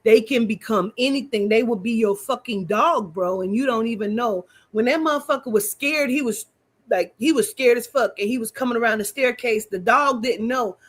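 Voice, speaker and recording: A woman co-hosting a podcast, chatting casually with loud laughter and plenty of swearing. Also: on the high side, normal speed, husky. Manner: loud, profane, bursts into laughter. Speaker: podcast co-host. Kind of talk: casual chat.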